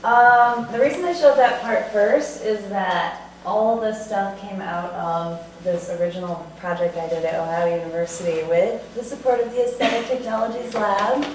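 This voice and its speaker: A woman's voice: mid-range voice, normal speed, hardly any pauses, very noisy. A woman choreographer giving a live demo presentation, talking loosely with fillers and chuckles. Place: arts venue hall, indoors. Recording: echoey room from far off.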